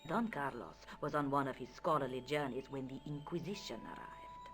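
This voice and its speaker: An actress voicing a proud, formal countess in a video game, with an imperious, dramatic manner. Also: female voice, very deep voice, fairly quick, soft background music. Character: proud Spanish countess, haughty, bitter, later hopeful.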